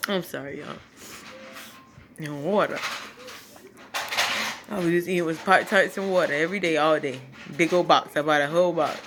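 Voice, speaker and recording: A woman's voice: low voice, fairly even intonation, normal speed, pauses often, background noise. Tearful woman giving a testimony. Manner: talks through tears, laughing and preaching at once. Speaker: vlogger sharing a testimony. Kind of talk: emotional casual testimony on a livestream. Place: home at night.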